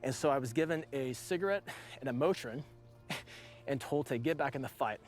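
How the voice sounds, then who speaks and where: A man's voice: medium pitch, normal speed, faint music behind. A man in his forties, a veteran guest, telling a long story in a loose, rambling way full of fillers. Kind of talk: casual storytelling.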